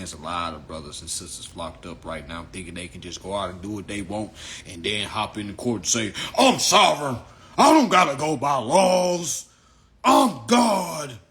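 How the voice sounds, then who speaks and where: A young man hosting a casual livestream from a phone, talking in an animated, profane way and laughing often. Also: low-pitched. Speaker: livestream host.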